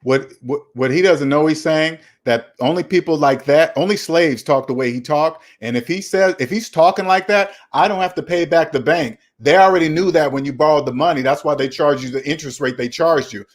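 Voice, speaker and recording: Man host, slightly high voice, emphatic and repetitive lecturing delivery. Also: brisk, hardly any pauses. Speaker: finance channel host. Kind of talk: casual opinionated talk.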